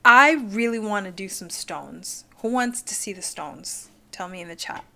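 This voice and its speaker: A woman's voice: mid-range voice, lively intonation, moderate pace, creaky, bright, forceful tone. A woman hosting a live-streamed card reading, gushing and chatty and full of "like".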